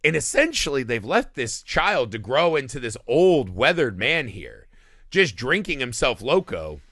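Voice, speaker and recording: A man co-hosting a movie podcast, retelling scenes in a profane, animated way with quick mock voices. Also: medium pitch, no room sound, clean studio sound. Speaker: podcast co-host. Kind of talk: casual movie-review chat.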